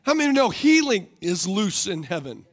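A man's voice: high-pitched, big pitch swings, fairly quick. A male pastor preaching a sermon. He repeats his questions and keeps asking the congregation for responses. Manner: rhetorical, calls for congregation responses.

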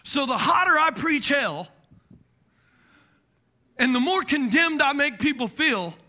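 A man with a very high, bright, piercing voice preaches a sermon to his congregation. He is middle-aged and animated, joking as he acts out little quoted voices and drops into muttered asides. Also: slow. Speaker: pastor.

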